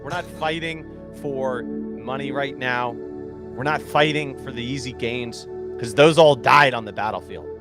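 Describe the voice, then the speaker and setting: A man's voice: medium pitch, unhurried, over music. A male podcast co-host in casual chat, delivering a tongue-in-cheek rallying speech. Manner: mock-inspirational rallying speech.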